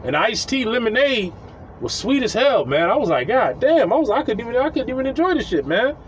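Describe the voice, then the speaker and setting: A man telling a casual, profane story, animated and chuckling as he acts out what people said. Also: very high-pitched, fairly quick, muffled recording, slight background noise.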